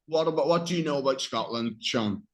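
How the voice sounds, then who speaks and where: In this English lesson, a man with a mid-range voice speaks briskly as he explains phrases and reads practice dialogue. He is encouraging and keeps checking whether his student understands. The recording quality is rough.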